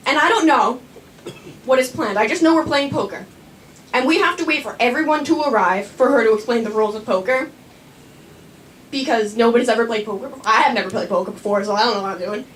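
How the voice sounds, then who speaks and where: A woman's voice: on the high side, fairly bright tone. A young woman telling a nervous, rambling, self-mocking story live on stage. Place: small performing arts studio. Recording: stage voice from a distance with faint room noise.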